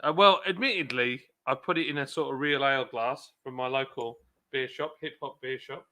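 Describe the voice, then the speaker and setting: A man's voice: mid-range voice, moderate pace, sharp tone. A middle-aged man hosting a casual live chat, joking and rambling in a self-mocking way. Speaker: live stream host.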